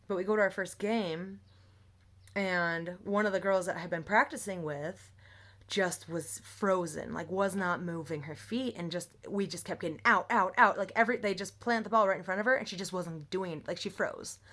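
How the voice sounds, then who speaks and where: A woman's voice: lowish voice, moderate pace, fairly bright tone. A young woman venting to her phone camera in a rambling, heated monologue, swearing freely. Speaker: vlogger.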